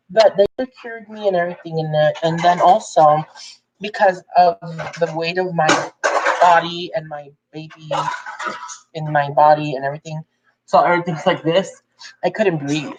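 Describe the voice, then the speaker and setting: A young woman tells a personal story in a relaxed, chatty vlog manner. Her voice sits a little low, and she brightens noticeably whenever she quotes someone. Faint background hiss is present. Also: normal speed, rough recording. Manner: chatty, animated when quoting others. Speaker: vlogger.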